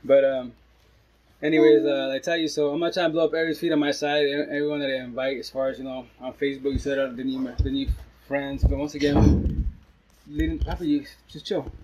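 A man's voice: mid-range voice, level tone, a little fast, darkish tone, muffled recording. A man livestreaming casually from home as a father talking to his followers, rambling and restarting sentences, sometimes dropping in Spanish words. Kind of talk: casual live-stream chat. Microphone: phone live stream.

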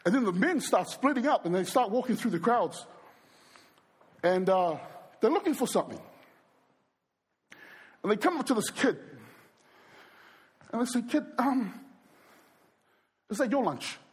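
A male preacher telling stories during a sermon, animated and speaking straight to the crowd. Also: high voice, normal speed, long pauses, breathy edge. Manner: animated storyteller who acts out quoted voices and addresses the crowd. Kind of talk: storytelling sermon.

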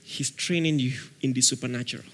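A man preaching a sermon as pastor, acting out voices in his stories and shouting example prayers. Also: medium pitch, steady tone, fast. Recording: long hall reverb.

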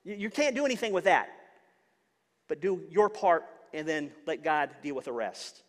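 Male pastor, higher voice, earnest sermon delivery with stumbles and repeats, long hall reverb. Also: big pitch swings, moderate pace. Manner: earnest, repeats words when searching for them.

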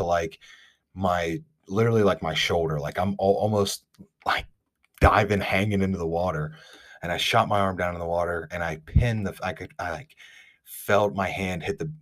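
Podcast host, Ohio man, very low voice, rambling casual storytelling. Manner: rambling, animated, lots of "like".

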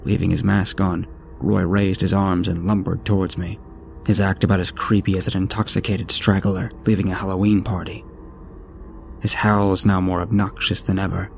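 A man narrating a horror story in a steady, ominous storytelling manner. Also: sits low, moderate pace, gravelly. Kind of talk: scripted narration. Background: faint music.

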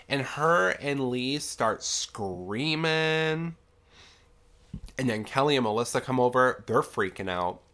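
A man's voice: mid-range voice, fairly bright tone. A young man hosting a podcast, casually recapping a horror film in a chatty, sarcastic way, congested from a sinus infection. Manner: chatty, sarcastic, heavy use of "like". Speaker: podcast host.

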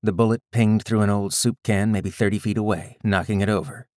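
A man reading a first-person story aloud in a measured, gritty storytelling manner. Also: fairly low pitch, fairly even intonation, a little mellow, no echo, studio quality. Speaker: audiobook narrator. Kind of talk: scripted first-person narration.

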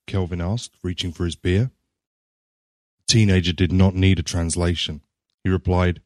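A man narrating a short story in a measured, scripted reading. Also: low voice, steady tone, darkish tone, no room sound, clean studio sound.

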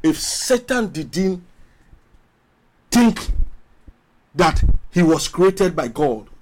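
Slow, high-voiced preaching man. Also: big pitch swings. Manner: emphatic preaching with long pauses and rising calls; repeats phrases, drawn-out words. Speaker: pastor. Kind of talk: sermon.

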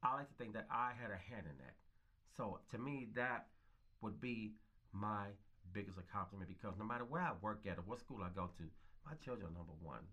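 Fifty-something guy, kinda low voice, earnest and reflective, repeats himself for emphasis in an interview. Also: expressive, brisk, bright, forceful tone, highs cut off. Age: 50s. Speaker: interview guest, foster parent. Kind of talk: casual interview talk.

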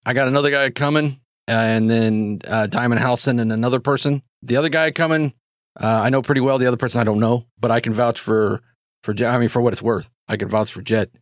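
A man's voice: mid-range voice, steady tone, fast talker, no room sound, studio quality, lightly acted. Grumbling male street runner, a man voicing him for a tabletop game. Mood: matter-of-fact. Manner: grumbling, blunt.

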